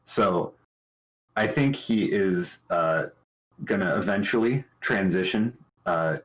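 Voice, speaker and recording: A man talking casually about his tabletop game character, thoughtful and halting, with many restarts. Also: low-pitched, fairly bright tone, a little hiss or hum, low-quality recording. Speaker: tabletop game player on a talk show.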